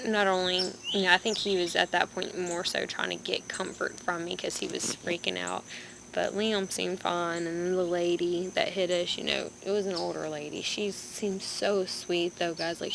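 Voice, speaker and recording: A young woman vlogger, in pain and low on energy, telling a story in a rambling, halting way into a phone. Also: gravelly. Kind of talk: casual vlog storytelling. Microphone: phone camera. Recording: background noise with birds and insects.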